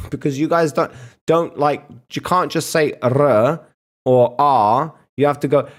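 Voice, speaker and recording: A man streaming casual reaction commentary, swearing and mocking as he talks. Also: fairly high pitch. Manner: profane, mocking, drawn-out.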